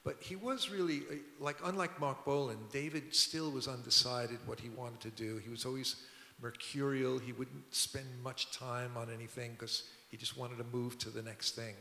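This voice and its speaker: Gravelly older man telling stories in a hall. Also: medium pitch, steady tone, moderate pace, few pauses, pushed and bright. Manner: rambling, conversational, frequent restarts. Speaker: record producer and musician, guest. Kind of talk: anecdotal storytelling at a public talk. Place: museum auditorium. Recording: echoey hall.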